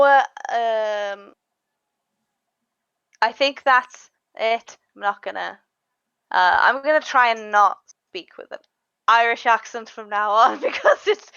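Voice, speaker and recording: A woman running a tabletop game, closing out a live stream in an easy, rambling way with a fairly high, smooth, crisp voice. The sound is dry and close, though a little dull and lo-fi. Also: dry recording. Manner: chatty and relaxed, with many fillers and laughs. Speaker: game master. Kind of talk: casual wrap-up chat on a live stream.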